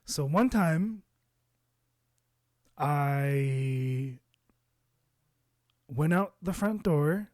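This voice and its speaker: A man's voice: a little high, animated, very slow, pauses often, a little mellow, no room sound, clean studio sound. A man casually telling a personal story to camera, rambling with lots of fillers and cursing. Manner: rambling, loose with curses and fillers. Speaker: vlogger.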